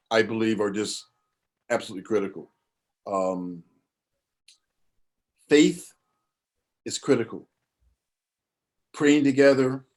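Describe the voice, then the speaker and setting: A man on a discussion panel giving advice in a slow, deliberate way. His pitch sits mid-range, and each point lands with emphasis. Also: a little mellow.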